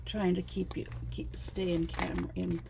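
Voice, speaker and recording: A woman chatting casually while unboxing craft kits in her trailer home, gasping and gushing with excitement over each item. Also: lowish voice, a little slow, creaky, background noise. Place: inside her fifth-wheel trailer home.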